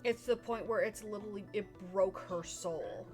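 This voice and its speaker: A woman game master narrates a tabletop roleplaying session, describing scenes for her players. She tells the story in a casual, lively way at an ordinary middle pitch, with faint music playing behind her. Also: normal speed.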